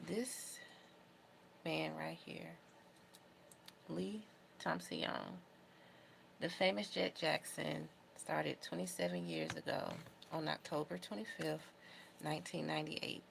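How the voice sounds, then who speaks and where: A woman's voice: low voice, fairly even intonation, takes it slowly, creaky, pauses often, slight background noise. A young adult woman vlogging casually to camera, talking in an emotional, heartfelt, rambling way. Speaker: beauty vlogger.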